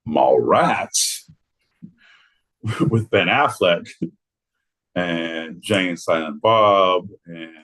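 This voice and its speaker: A man's voice: low-pitched, animated, drawn-out words, pauses often, a bit bright. A man co-hosting a podcast, rambling through crude jokes and laughing often in casual banter. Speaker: podcast co-host.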